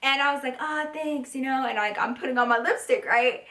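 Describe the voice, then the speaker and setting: Bright high-voiced woman telling a story. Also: normal speed, few pauses, roomy sound. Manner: animated, profane, gets loud and high when outraged. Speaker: beauty vlogger telling a story. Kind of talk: casual storytime vlog.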